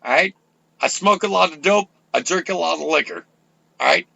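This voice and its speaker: An older man rants on his own radio show, loud and full of profanity. His voice is gravelly and bright, set a little high for a man, and it swings widely in pitch. The sound is close and dry. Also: moderate pace, no echo, dull audio. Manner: loud, profane, fiery ranting. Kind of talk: ranting talk radio.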